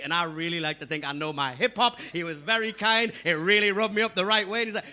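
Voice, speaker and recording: A man's voice: high voice, quick pace, few pauses, sharp tone. A man from Newcastle doing a stand-up comedy set on a club stage, rowdy and swearing as he teases the crowd. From Newcastle upon Tyne, England.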